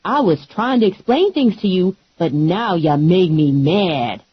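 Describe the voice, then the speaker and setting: A woman voicing a loud, bold, mouthy grown woman who talks brash and indignant. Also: fairly low pitch, animated, unhurried, husky, no echo, lo-fi sound. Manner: brash, indignant, street-tough talk.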